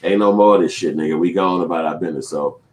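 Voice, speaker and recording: Low-voiced man ranting casually. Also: fast. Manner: profane, rambling, acts out quotes. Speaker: filmmaker and vlogger. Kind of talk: casual commentary vlog.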